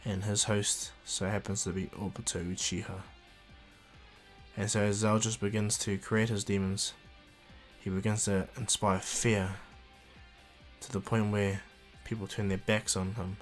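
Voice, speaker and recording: A man narrates a homemade anime crossover story in a loose, rambling way, often correcting himself mid-line. His voice sits on the low side, with faint music under it. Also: flat delivery, measured pace. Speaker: fan storyteller. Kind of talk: casual fan-fiction retelling.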